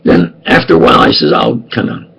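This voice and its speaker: A man's voice: brisk, a bit bright, poor audio. An older man telling rambling, jokey personal stories and often asking if you understand. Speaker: self-styled preacher.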